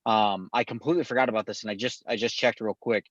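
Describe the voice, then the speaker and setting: A man's voice: on the low side, fairly even intonation, quick pace, a bit bright, no room sound, highs cut off. A man co-hosting a sports podcast, easygoing and leaning on "you know" as he talks. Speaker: podcast co-host. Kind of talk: casual sports chat.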